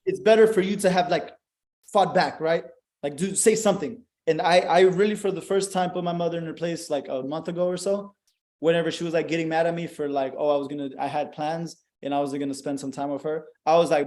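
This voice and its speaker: Blunt, cussing young man, slightly high voice. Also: fairly quick. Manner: blunt, heavy swearing, animated. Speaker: podcast host. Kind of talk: casual podcast chat.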